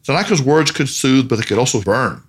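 Male narrator for a storybook, lively pitch, measured delivery. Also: husky.

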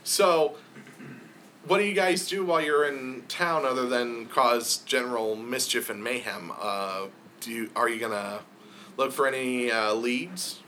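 Male game master, slow pace, bright tone, light background noise. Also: mid-range voice. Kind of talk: narrating a tabletop game.

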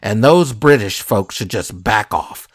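A man's voice: lowish voice, animated, a little slow. A man hosting a casual comedic chat, joking in a mock-serious way and quizzing his co-host.

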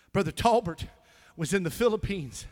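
A male pastor preaching a sermon, telling stories and swinging from hushed tones to loud, shouting climaxes. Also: high voice, lively intonation, measured pace. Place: church sanctuary.

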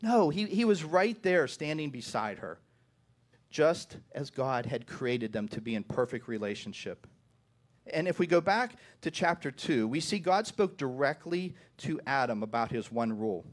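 A man's voice: medium pitch, very animated, moderate pace. A man preaching a sermon to his congregation. He often repeats the first words of a phrase and keeps asking "right?". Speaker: pastor.

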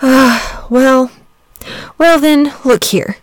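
Lady reading as a worked-up little boy, earnest and pleading, voice pushed up high, dry sound. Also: drawn-out words, no echo. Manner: eager, pleading, talks in a rush. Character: earnest young village boy defending his dragon friend. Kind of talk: storybook reading.

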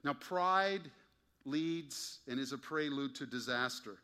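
A pastor delivering a Sunday sermon in a bright, ringing voice at an ordinary male pitch. He drives his points with emphasis and leans on wry, pointed rhetorical questions to the congregation. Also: slow.

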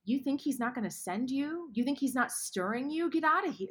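A woman guest author speaking earnestly in a faith podcast conversation, often dropping to hushed tones. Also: fairly high pitch, lively intonation, brisk, hardly any pauses, slightly rough.

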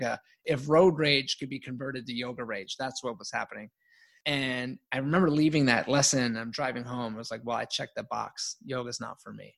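A middle-aged man tells a story from his own life as a podcast guest. He is animated and pokes fun at himself, and he breaks into laughter often. He speaks at a medium pitch. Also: vocal fry. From United States.

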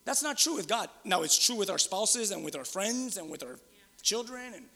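A middle-aged man preaches a sermon in a church. His voice is high and bright. He shifts between loud exclaiming and hushed asides, and a long reverb from the hall hangs behind him. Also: sing-song, moderate pace, vocal fry. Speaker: pastor. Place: church sanctuary.

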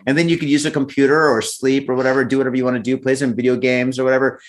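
A man's voice: medium pitch, flat delivery, rapid-fire. A man co-hosting a casual podcast, reading news stories aloud and joking around with his co-host. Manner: jokey, laughs often, puts on silly voices.

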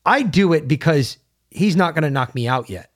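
A man's voice: a little high, expressive, normal speed. A man co-hosting a casual opinion podcast, talking bluntly and emphatically and swearing freely. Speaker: podcast co-host.

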